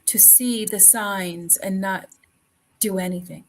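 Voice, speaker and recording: A woman's voice: mid-range voice, takes it slowly, rough recording. A woman hosting a talk show, speaking earnestly with repeated phrases and many fillers. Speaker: podcast host. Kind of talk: conversational talk show chat.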